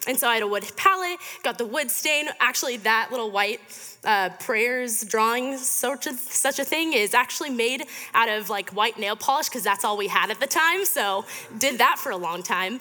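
A woman's voice: fairly high pitch, expressive, normal speed, sharp tone. A young woman in her twenties giving a chatty, upbeat storytelling sermon to a student fellowship, with lots of fillers. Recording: reverberant hall.

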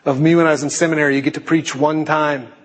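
Husky male preacher in a reverberant hall. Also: fast. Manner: animated, jokey, puts on high panicky voices. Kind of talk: sermon with acted asides.

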